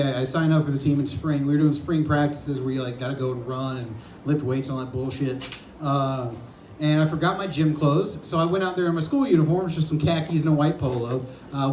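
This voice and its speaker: High-voiced man doing stand-up. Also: a little hiss or hum. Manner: self-deprecating, animated storytelling with shouted impressions. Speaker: stand-up comedian. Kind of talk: stand-up comedy set. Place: comedy club stage with live audience. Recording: echoey club with audience laughter.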